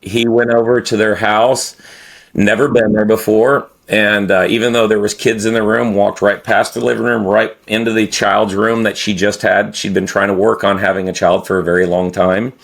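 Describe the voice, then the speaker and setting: Speaking in a lowish, gravelly voice with a flat delivery and normal speed, this middle-aged podcast guest spins a casual story for the hosts. It wanders, it's full of profanity, and he keeps breaking off and starting over.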